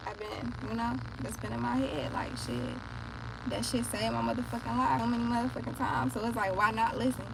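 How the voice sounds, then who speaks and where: Young woman, artist, rambling profane monologue; slightly high voice; heavy engine noise behind. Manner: blunt, profane, rambling with many fillers. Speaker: recording artist. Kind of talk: casual monologue to camera. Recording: loud vehicle noise behind.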